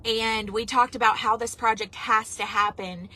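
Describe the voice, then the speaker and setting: A woman's voice: fairly high pitch, steady tone, normal speed, pushed and bright, rough recording. A middle-aged woman, chatting casually on a livestream and reading viewer comments aloud. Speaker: singer hosting a livestream album listening party.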